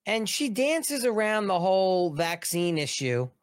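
A man's voice: high voice, big pitch swings, unhurried, no echo. A man hosting a political commentary show, ranting emphatically and repeating words for stress.

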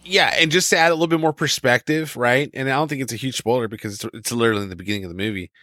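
A man's voice: medium pitch, very fast, bright, forceful tone, dry recording, clean studio sound. A man co-hosting a podcast, reviewing a film in loose, rambling casual chat full of restarts.

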